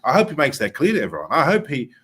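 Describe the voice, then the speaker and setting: A man hosting a political chat show, talking earnestly with frequent pauses. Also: a little high, huge pitch swings, a bit bright, slightly rough. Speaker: host.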